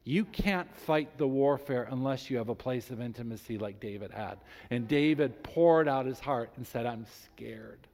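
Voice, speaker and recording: A man preaching a sermon as a pastor, reading scripture aloud with emphasis and animated delivery. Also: mid-range voice, moderate pace, few pauses. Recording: long reverb in a large hall.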